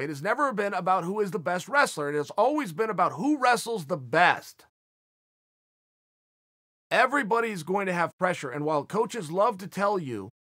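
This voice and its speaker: Forceful, bright-voiced man, blunt. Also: high-pitched, no echo, studio quality. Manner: blunt, emphatic, swears for emphasis. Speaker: motivational speaker. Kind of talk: motivational speech.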